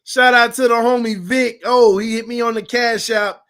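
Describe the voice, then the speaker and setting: A man hosting a fan sports channel, talking in loose, animated commentary that swings between shouting and laughing. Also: very high voice, moderate pace, clear, resonant tone. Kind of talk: casual fan commentary livestream.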